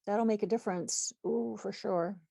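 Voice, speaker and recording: Calm woman cueing a yoga class. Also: mid-range voice, moderate pace, vocal fry, dry recording. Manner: calm cueing with self-correcting laughs. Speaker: yoga teacher. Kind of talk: live online yoga class instruction. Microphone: video call.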